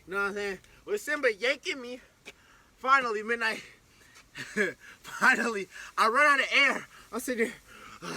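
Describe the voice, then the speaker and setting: A young man telling a storytime vlog in an excitable, slangy way, acting out the scene as he goes. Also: very high voice. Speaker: vlogger. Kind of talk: animated storytime.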